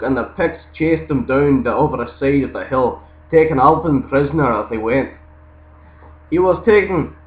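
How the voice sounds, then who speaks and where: A man with a Scottish accent reads a folktale aloud, then talks casually in a halting, hesitant way with many ums. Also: mid-range voice. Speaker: YouTuber giving accent tips. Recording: echoey, tinny lo-fi recording.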